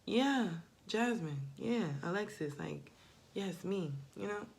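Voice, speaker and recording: A woman's voice: medium pitch, animated, unhurried, creaky. A woman, talking through a casual, rambling confessional monologue, swearing freely. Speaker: spiritual vlogger.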